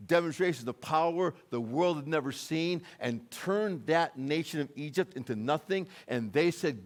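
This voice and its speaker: An American man preaching a sermon in a church, moving between quiet conversational asides and loud, urgent climaxes. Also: animated, moderate pace, few pauses. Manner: impassioned, rising to loud urgent peaks then dropping low and conversational. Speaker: guest preacher. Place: church sanctuary.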